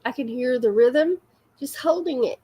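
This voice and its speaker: A woman's voice: sits high, moderate pace, warm tone, slightly rough. A woman hosting a casual live chat with her viewers, giggly and self-deprecating. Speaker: livestream host.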